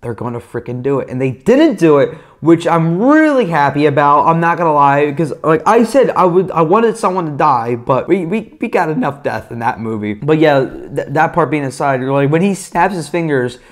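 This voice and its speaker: A young man giving a casual, rambling movie review, excitable and swearing, with lots of fillers. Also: fairly high pitch, moderate pace, few pauses.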